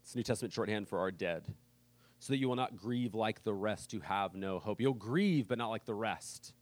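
A pastor preaches a sermon in an earnest, conversational way, shifting between loud, emphatic bursts and soft, quiet reading. His voice is on the low side, his speed normal, and the recording dry.

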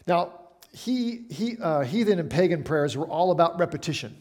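A middle-aged pastor delivers a sermon in a chatty, animated way, often breaking off for asides and questions to the congregation. His voice sits high and moves at a moderate pace.

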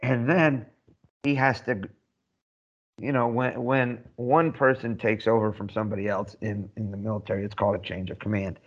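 Low-voiced man telling wry stories, muffled. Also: steady tone, normal speed. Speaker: podcast co-host and army veteran. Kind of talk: casual chat, anecdotal storytelling. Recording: dull, muffled lo-fi sound.

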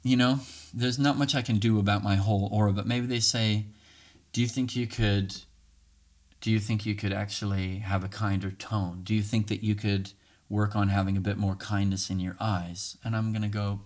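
A man giving casual advice on difficult conversations, acting out both sides in shifting voices and laughing often. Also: normal speed. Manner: animated, acts out both sides of arguments with pitch jumps, laughs often. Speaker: speaker giving relationship communication advice. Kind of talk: casual spoken advice monologue.

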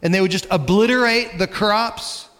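A man's voice: high-pitched, normal speed, fairly bright tone. A man preaching a sermon as pastor, in a conversational way, asking the congregation questions. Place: church sanctuary. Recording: long hall reverb.

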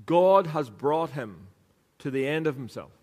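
A man preaches into a microphone in a tone that is a touch high for a man. His delivery is chatty and jokey, with teasing asides to his listeners. The sound carries a long reverb from the church hall around him. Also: lively intonation, unhurried, a little mellow. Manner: conversational and joking, with a teasing aside to the congregation. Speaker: pastor. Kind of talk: sermon.

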